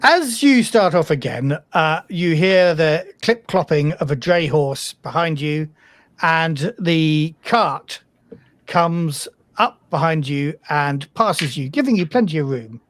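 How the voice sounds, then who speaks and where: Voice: medium pitch, expressive, slow, dry recording. A game master from the United Kingdom narrating a tabletop role-playing game, hesitant and full of fillers. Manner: hesitant, filler-heavy, self-deprecating.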